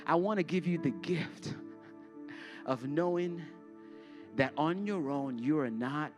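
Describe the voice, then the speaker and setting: A man's voice: a little high, slow, over music. A man in his forties, a pastor preaching a sermon to his congregation. He speaks earnestly and confessionally and repeats words when worked up. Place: church sanctuary before a congregation.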